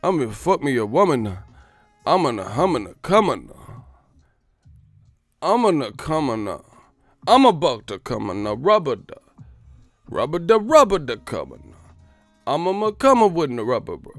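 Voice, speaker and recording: A man's voice: fairly high pitch, very animated, normal speed, fairly bright tone, no room sound, soft background music, pitched above the performer's own voice. A man putting on a mumbling gibberish rapper. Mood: slurring. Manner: slurred, sing-song gibberish rhymes. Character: mumbling nonsense-rhyming male rapper.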